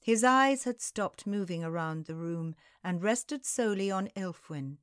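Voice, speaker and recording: A woman narrating a historical novel in the first person, in slow, measured storytelling. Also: mid-range voice, lively intonation, clean tone, dry recording, clean studio sound.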